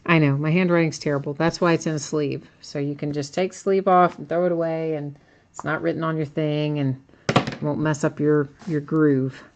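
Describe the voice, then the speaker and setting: A woman's voice: low-pitched, steady tone, normal speed, a little mellow. A woman hosting a trading card break, talking through each step in a chatty way with dry sarcastic asides. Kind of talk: casual live commentary. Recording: dull lo-fi home recording.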